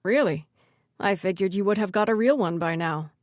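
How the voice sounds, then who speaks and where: A woman's voice: medium pitch, moderate pace, no room sound, studio quality, close to an everyday voice. A woman voicing a teasing, dismissive young man in an audiobook, a playful older brother. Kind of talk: audiobook character voice.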